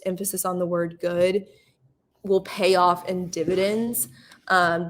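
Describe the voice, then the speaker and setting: A young adult woman walks an audience through advice in a relaxed webinar. Her voice sits a little low for a woman. She talks casually, leaning on "um" as she gathers her thoughts. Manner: casual, filler-heavy explaining with frequent "um". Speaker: ad network support manager. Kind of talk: webinar presentation.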